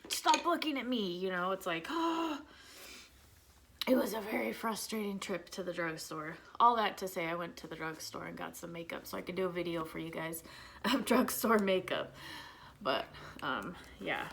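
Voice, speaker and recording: A woman's voice: fairly low pitch, normal speed, vocal fry, a bit bright, a little hiss or hum, rough recording. A woman, chatting candidly as she does her makeup at home and venting about her son. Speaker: vlogger, mother of an autistic son. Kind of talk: casual makeup vlog chat.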